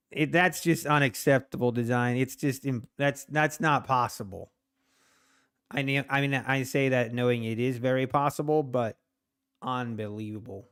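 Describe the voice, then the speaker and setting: A man streaming his day trading live, talking casually to his chat in an animated, self-mocking way, exclaiming in disbelief. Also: medium pitch, clean tone.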